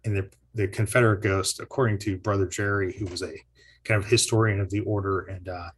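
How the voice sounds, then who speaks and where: A man with a fairly low, husky voice tells local history and folklore in a loose, conversational way. He wanders, backtracks and corrects himself mid-sentence, and chuckles between points. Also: steady tone, a little fast. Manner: rambling, self-correcting, chuckles often. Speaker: historian and teacher. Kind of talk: casual interview storytelling.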